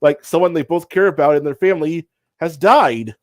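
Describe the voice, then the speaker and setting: A man's voice: a little high, moderate pace, no room sound. A man hosting a casual show review chat, blunt and profane, retelling scenes as he goes. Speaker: podcast host.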